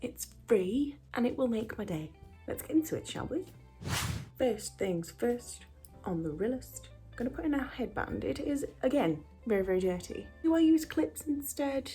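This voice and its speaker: A woman talks through a makeup tutorial in a put-on American accent, chatty and quick to tease herself. Her voice is warm and mellow, and she slips into whispers now and then. Faint music plays underneath. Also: a little high, lively intonation. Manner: chatty, self-teasing, drifts into whispers. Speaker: beauty vlogger. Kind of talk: casual makeup tutorial chat.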